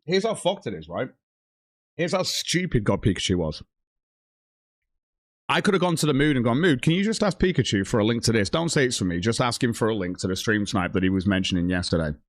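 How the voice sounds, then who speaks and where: Fairly quick and animated, a mid-range male voice delivers a heated livestream rant full of swearing, pausing to read chat messages out loud. The recording has no echo.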